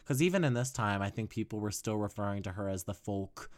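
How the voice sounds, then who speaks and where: A man's voice: on the low side, brisk. A man hosting a solo music podcast, chatting casually with lots of fillers and jokes at his own expense. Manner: chatty and self-mocking, many fillers, swoops up when excited. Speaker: podcast host.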